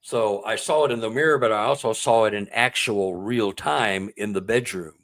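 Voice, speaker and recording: A male author, a guest in a conversation, telling a personal story in an emotional, excitable way, choking up at times and repeating words when moved. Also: lowish voice, moderate pace. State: close to tears.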